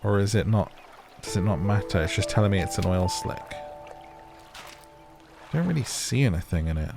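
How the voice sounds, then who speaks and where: A man's voice: fairly low pitch, animated, moderate pace, creaky, over music. A man casually commenting on a game as he plays, chatting to his viewers and reacting with sudden startled outbursts. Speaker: gaming channel host. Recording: game sounds loud behind voice.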